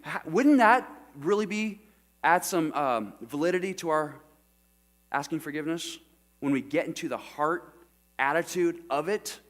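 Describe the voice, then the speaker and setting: A man's voice: fairly high pitch, expressive, normal speed, fairly bright tone. A middle-aged man preaching a sermon as pastor, often putting questions to the congregation. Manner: asks the congregation frequent questions. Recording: church sermon recording with mains hum.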